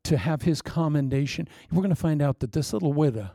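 A man preaching a sermon with wry, self-mocking humor, swinging from loud emphasis down to hushed asides. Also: a little high, lively intonation, fairly quick, creaky, dry recording, studio quality. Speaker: pastor.

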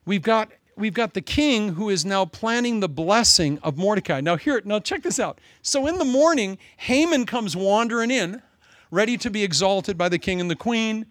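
A male pastor preaching a sermon with animated, dramatic storytelling. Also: high voice, normal speed, no room sound, studio quality.

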